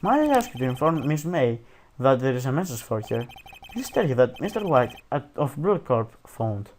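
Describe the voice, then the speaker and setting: A man's voice: mid-range voice, very animated, moderate pace, a little mellow, slight background noise, close to an everyday voice. A man voicing a polite male hotel bellboy in a put-on British accent, stiffly formal and calling everyone sir. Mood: formal, servile.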